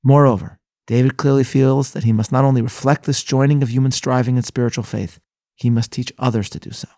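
A man's voice: medium pitch, steady tone, fairly quick, warm tone, no echo, clean studio sound. A man giving a scripted Bible lesson, reading scripture aloud with earnest, solemn emphasis. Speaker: rabbi teaching a daily Bible lesson.

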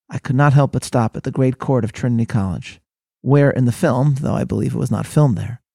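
A man, a rabbi, delivering a measured sermon-style lecture and reading quotations with dramatic emphasis. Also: mid-range voice, creaky, warm tone, breathy edge, dry recording.

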